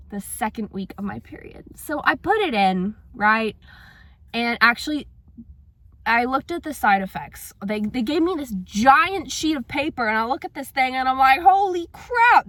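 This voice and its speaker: Chatty young woman vlogging, higher voice. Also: bright, forceful tone, no echo. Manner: chatty, acts out her own reactions with big jumps in pitch. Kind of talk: casual personal vlog.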